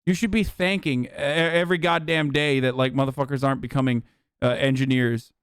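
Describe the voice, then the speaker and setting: Man, streamer, profane heated rant, smooth resonant voice, dry close sound. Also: mid-range voice, steady tone, a little fast, no room sound. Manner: heated, blunt and profane, ranting at chat. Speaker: streamer host. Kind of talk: profane live-stream commentary.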